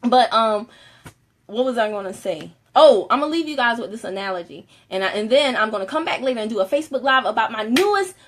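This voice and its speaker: A woman giving a casual motivational talk on a live stream, animated and laughing often, moving between soft and loud. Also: a little high, quick pace.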